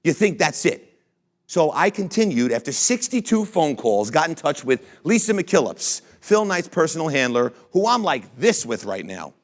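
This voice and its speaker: A young man giving a motivational talk to an audience, telling stories in a brash, boastful, energetic way. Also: on the high side, moderate pace. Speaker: franchise CEO and speaker.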